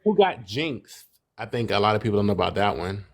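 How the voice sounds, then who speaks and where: A man's voice: fairly low pitch, sing-song, a little fast. A man co-hosting a live stream in casual chat, playful, who acts out quotes in a raised voice. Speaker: livestream co-host.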